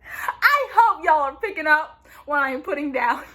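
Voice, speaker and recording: Young woman vlogger, high-pitched and bright, casual rambling recap, playful, filler-heavy. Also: lively intonation, moderate pace. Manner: chatty and playful, says "like" constantly.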